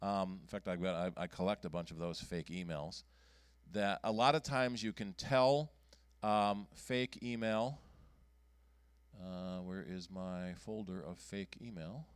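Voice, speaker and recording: A man giving a casual talk at a computer club meeting, halting often with ums and restarts as he clicks through his screen. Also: low-pitched, steady tone, clear, resonant tone, no room sound. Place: meeting room.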